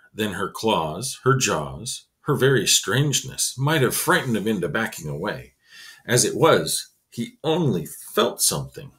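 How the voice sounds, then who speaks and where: A man's voice: fairly low pitch, fairly bright tone. A man reading a children's novel aloud expressively, adding casual asides. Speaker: reader.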